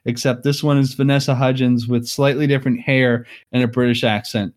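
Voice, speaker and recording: A man in a relaxed podcast chat, talking through a film's plot at a middling pitch. He rambles and leans on "like" a lot. He keeps breaking into small chuckles. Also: brisk. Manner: rambling, heavy on "like", chuckles often. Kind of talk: casual movie recap chat.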